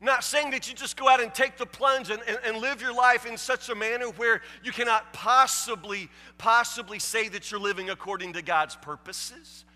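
A man's voice: fairly even intonation, normal speed, hardly any pauses, long reverb tail, soft background music. A man preaching a sermon, emphatic and stammering, often asking if the listeners understand. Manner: emphatic, repeats "you understand?"; stammering restarts, drops low and soft for the story.

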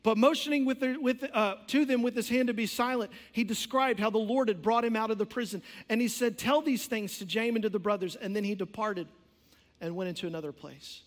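A man's voice: sits high, fairly quick. A man preaching an impassioned sermon as a pastor, with storytelling and conversational asides. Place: church sanctuary. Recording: long church hall reverb.

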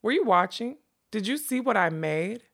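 An earnest, proud young magician with a stiff, insistent way of speaking, as a woman reading an audiobook voices him. The voice stays mid-pitched, with a gravelly edge. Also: animated, normal speed, fairly bright tone. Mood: eager.

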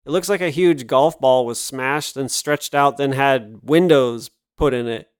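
A man's voice: medium pitch, measured pace, clear, resonant tone, no echo, clean studio sound, natural voice. A man voicing a blunt, wry young newcomer. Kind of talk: audiobook character voice.

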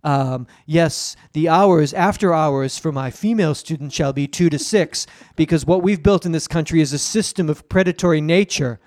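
A man voicing a pompous male professor, speaking low and self-satisfied. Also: moderate pace, hardly any pauses, darkish tone, no echo, close to an everyday voice. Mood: smug. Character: pompous male professor boasting of his post.

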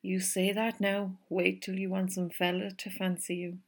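A cheerful young kitchen maid with a brisk, homely way of teasing, as a woman puts her on in a storybook reading. Her voice has a gravelly edge of fry. She sits in the middle of the pitch range for a woman. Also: level tone, close to an everyday voice. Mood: brisk, fond.

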